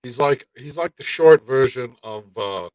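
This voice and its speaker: A man's voice: medium pitch, measured pace, no room sound, rough recording. A man co-hosting a casual live-stream chat, rambling and swearing freely as he talks. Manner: profane, animated rambling. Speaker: podcast co-host.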